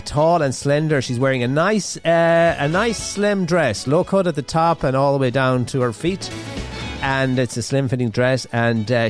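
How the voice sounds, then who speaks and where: A man hosting a radio show, chatting casually through the news with a rambling manner and lots of fillers and restarts. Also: medium pitch. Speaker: radio host. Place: radio studio.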